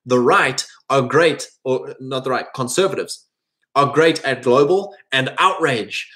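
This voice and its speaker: A man's voice: mid-range voice, measured pace, pushed and bright. A man hosting a podcast, talking casually to his audience and reading live chat, with frequent restarts and mocking quoted voices.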